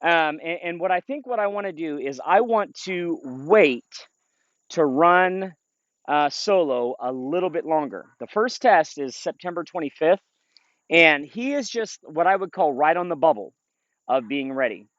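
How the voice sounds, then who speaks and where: A man's voice: on the high side, expressive, measured pace, fairly bright tone, dry recording, highs cut off. A middle-aged man training a retriever outdoors in a field, explaining the drill and calling short upbeat commands to the dog. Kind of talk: outdoor training video with commentary.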